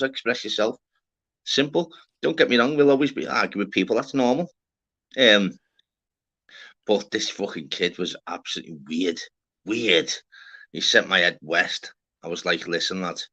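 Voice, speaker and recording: A young man with a Liverpool accent, hosting a casual livestream with loud, swearing banter. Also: medium pitch, moderate pace. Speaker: livestream host.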